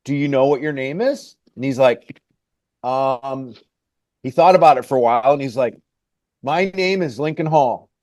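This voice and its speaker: A man's voice: medium pitch, moderate pace, darkish tone, no echo. Middle-aged male mountain guide, loose rambling storyteller, full of "like", dry close-miked sound. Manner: rambling, says "like" and "hey, man" often. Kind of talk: casual storytelling interview.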